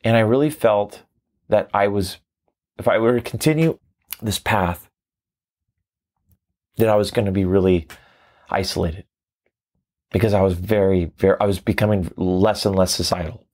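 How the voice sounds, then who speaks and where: A man who teaches tantra, telling his story in a reflective, animated interview. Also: fairly low pitch, normal speed, long pauses. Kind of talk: conversational interview.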